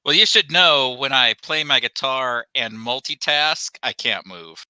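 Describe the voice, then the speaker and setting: A man playing a tabletop game, talking in a hesitant, unhurried way with ums. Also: mid-range voice, expressive, bright, forceful tone, clean tone, no room sound. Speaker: player. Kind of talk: casual game chat.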